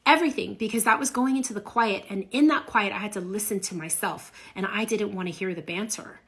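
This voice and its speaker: A middle-aged woman chats on a livestream from home, speaking to her viewers through a phone. She tells stories in a lively, animated way, with a voice of ordinary pitch for a woman. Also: fairly quick. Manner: chatty, animated storytelling. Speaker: livestream host. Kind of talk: casual live chat.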